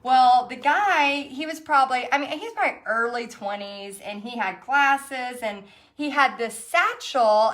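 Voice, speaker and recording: Chatty woman with a higher voice. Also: moderate pace, fairly bright tone. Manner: chatty storytelling with frequent laughs. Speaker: painting instructor hosting an online paint party. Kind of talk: casual chat while painting.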